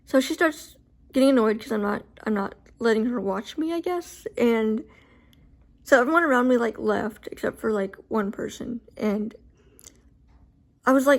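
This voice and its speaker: Animated woman with a high-set voice. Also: moderate pace, gravelly. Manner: animated, filler-heavy, acts out her own reactions. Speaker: vlogger telling a personal story. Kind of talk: casual storytelling to camera.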